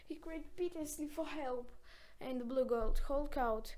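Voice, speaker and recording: A woman reading a children's story aloud in an expressive, dramatic storytelling manner. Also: high voice, moderate pace, hardly any pauses.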